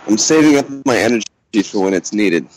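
A man's voice: lowish voice, animated, a little fast, a little mellow, no room sound, low-quality recording. A man playing a tabletop horror game who speaks in a dry, laid-back way. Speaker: player.

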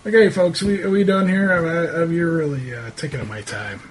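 A man's voice: fairly high pitch, fairly quick, slightly rough. A man voicing a grumpy rural drinker who brushes off questions defensively. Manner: defensive, exasperated.

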